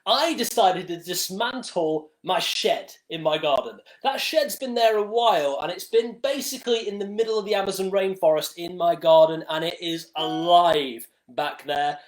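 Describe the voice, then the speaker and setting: A high-voiced man hosts a live stream, recounting a story in a dramatic, exaggerated way. It's a casual storytelling monologue with a roomy sound.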